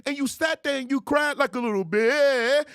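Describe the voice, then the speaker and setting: A man hosting a commentary show on viral clips, animated and mocking, laughing often and jumping into high squeals to ridicule. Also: moderate pace, dry recording, clean studio sound. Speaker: host.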